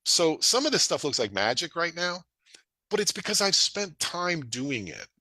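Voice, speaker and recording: A middle-aged man with a bright, forceful voice and a slightly raised pitch. He presents to an audience in an energetic, folksy way, his pitch swinging widely as he acts out quick bits of dialogue. The sound is dry and close. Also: no echo. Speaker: real estate investor presenting a webinar.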